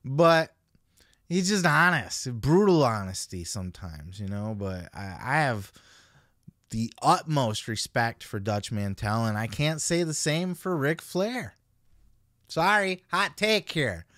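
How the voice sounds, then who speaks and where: A man's voice: medium pitch, sing-song, takes it slowly, a bit bright, no room sound, studio quality. A man hosting a podcast, giving casual commentary in a blunt, heavily profane way. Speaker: podcast host.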